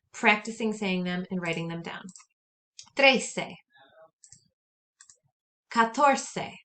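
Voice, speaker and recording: A woman teaching a recorded lesson, speaking clearly and patiently and saying words slowly for students to repeat. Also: mid-range voice, a bit bright. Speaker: Spanish teacher.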